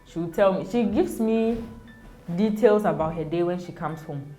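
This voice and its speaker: A woman's voice: on the low side, normal speed, mellow, faint music behind. A young Ghanaian mother in a casual interview, speaking animatedly, often laughing and acting out quoted voices. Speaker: interview guest, mother of two.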